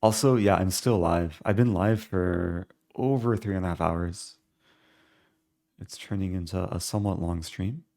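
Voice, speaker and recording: A man streaming live, thinking aloud as he calculates his moves in a relaxed, halting way. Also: low-pitched, no echo, clean studio sound. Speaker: chess streamer. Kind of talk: live-stream game commentary.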